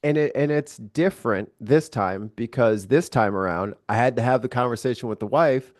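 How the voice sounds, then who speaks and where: A man's voice: mid-range voice, normal speed. An American man hosting a live online chat show, blunt and profane, joking as he talks. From United States. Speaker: host.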